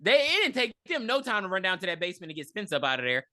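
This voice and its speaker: A woman's voice: mid-range voice, racing. A woman co-hosting a podcast, casually retelling a movie's plot with lots of swearing and acted-out lines. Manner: animated retelling, acting out characters, swearing. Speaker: podcast co-host. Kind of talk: casual movie review chat.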